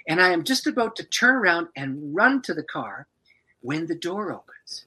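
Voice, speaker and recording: A man's voice: fairly high pitch, moderate pace, slightly rough, low-quality recording. A man, a pastor and author, tells a personal story as a podcast guest, breaking into laughter as he goes. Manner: lively, laughs through his story.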